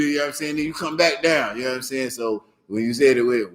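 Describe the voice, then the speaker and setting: A man's voice: quick pace, few pauses, fairly bright tone. Slangy male teacher in an echoey room. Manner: loose and slangy, voice jumps high to demonstrate. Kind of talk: casual classroom teaching.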